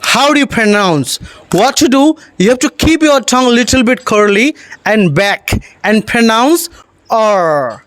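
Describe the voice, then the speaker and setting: A woman teaching English pronunciation in slow, deliberate drills, repeating words for practice. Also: fairly high pitch, expressive, dry recording. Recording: noisy recording with clicks.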